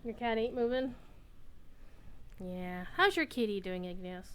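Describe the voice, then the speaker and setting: A woman's voice: mid-range voice, animated, a little slow, a bit bright, smooth. A woman streaming a game from home, chatting casually and rambling, and sometimes cooing at her cat. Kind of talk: casual live-stream chat. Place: home room.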